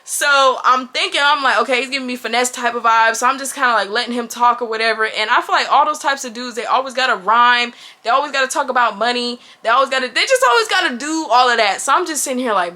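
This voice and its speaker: Bright-voiced chatty young woman. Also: a little high, fast. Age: 20s. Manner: chatty and animated, addresses viewers as y'all, slangy. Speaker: vlogger. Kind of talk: casual storytime chat.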